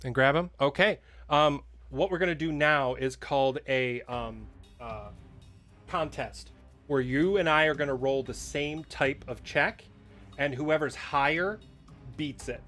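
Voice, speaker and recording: A playful game master with a voice that sits a touch high for a man. He explains the rules patiently, laughs often, and hams up the monsters. Soft music plays faintly underneath. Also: a little slow.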